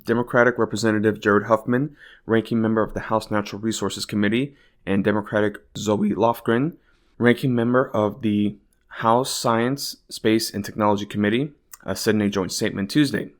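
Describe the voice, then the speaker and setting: A man's voice: on the low side, fairly even intonation, normal speed. Exasperated, profane male podcast host. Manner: exasperated, profane, many fillers like "like" and "you know". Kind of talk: casual political commentary.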